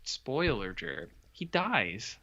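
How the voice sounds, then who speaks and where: Podcast cohost guy, bright tone, a bit dull sounding lo-fi mic, rambles on. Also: mid-range voice, extremely slow, a little hiss or hum. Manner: rambling, animated retelling with put-on quotes. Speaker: podcast co-host reviewing horror films. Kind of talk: casual chat.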